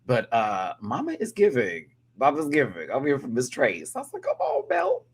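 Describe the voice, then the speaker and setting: A man's voice: mid-range voice, huge pitch swings, normal speed, slightly rough. A man giving a sassy, dramatic casual rant reviewing a reality TV episode, with cackling asides.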